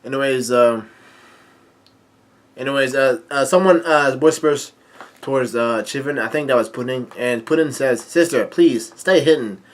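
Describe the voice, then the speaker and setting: A man's voice: medium pitch, moderate pace, long pauses. A man casually reading through a manga chapter, hesitant and full of fillers and restarts. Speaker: manga reader and commentator.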